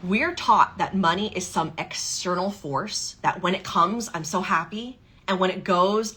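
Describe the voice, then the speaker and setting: A woman's voice: lowish voice, measured pace, few pauses, sharp tone, breathy edge. A woman giving a motivational coaching talk on sales and money, emphatic and fond of acting out inner doubts in quoted voices.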